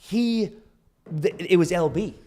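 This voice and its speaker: A man co-hosting a live hockey podcast, talking in a loose, excitable way and swearing freely. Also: sits high, slow pace. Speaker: podcast co-host. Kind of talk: casual hockey chat.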